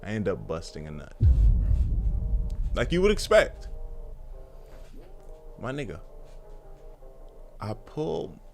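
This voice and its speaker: Slangy, low-voiced man telling a story. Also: slow pace, creaky, long pauses, faint music behind. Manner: profane, slangy, animated, with sudden hushed drops. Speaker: streamer telling a personal story. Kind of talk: casual storytime monologue.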